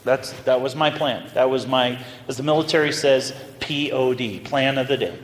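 A man preaching, with an animated, conversational storytelling manner. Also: mid-range voice, normal speed. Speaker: pastor. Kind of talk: storytelling sermon. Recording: roomy hall reverb, faint noise.

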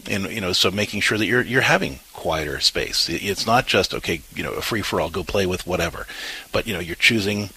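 A man's voice: low voice, fairly quick, bright, forceful tone, slightly rough, poor audio. A man co-hosting a parenting advice talk show, explaining in an earnest way and often repeating words as he thinks aloud.

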